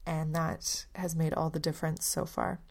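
A woman hosting a podcast alone, talking in an earnest, thoughtful way and often pausing to search for words. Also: low voice, little pitch movement, vocal fry. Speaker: podcast host. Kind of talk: reflective solo podcast talk.

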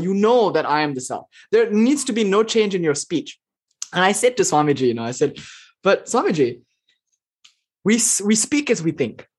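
Guy chatting about spirituality, super animated, jumps way up when he quotes people. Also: slightly rough. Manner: animated, storytelling, voices quotes with big pitch jumps. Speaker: spiritual teacher. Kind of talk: casual spiritual talk.

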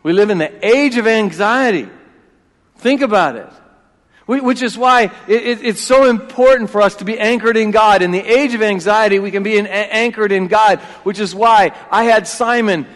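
A man in his forties preaching a sermon as pastor, emphatic and repeating key phrases, swinging between loud and hushed. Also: high-pitched, moderate pace. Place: church sanctuary. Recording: long reverb of a church hall.

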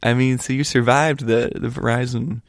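Gravelly, playful man on a podcast. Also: mid-range voice, steady tone, normal speed, dry recording, studio quality. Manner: playful, teasing. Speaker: podcast co-host. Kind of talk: casual chat.

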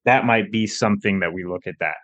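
A man's voice: on the low side, a bit bright, highs cut off. A man who works as a financial advisor, hosting a casual educational podcast episode and explaining budgeting in a conversational way with frequent restarts. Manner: conversational, with fillers and restarts, quick bursts.

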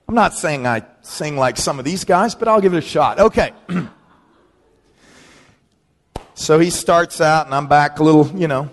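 A middle-aged man, a pastor, telling humorous personal stories in a sermon and acting out friends' voices. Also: normal speed. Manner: storytelling, animated, acts out quoted friends in a higher voice. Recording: long reverb of a large hall.

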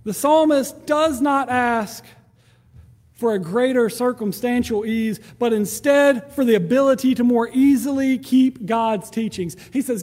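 A man's voice: very high voice, a little slow, darkish tone, long reverb tail. A man preaching a sermon in a conversational way, acting out prayers and quoted voices. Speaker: pastor.

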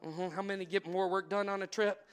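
A male pastor preaching a sermon that moves from casual storytelling to loud, fervent prayer in a packed church. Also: sits high, fairly even intonation, a little fast, clean tone, soft background music. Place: church room packed with people.

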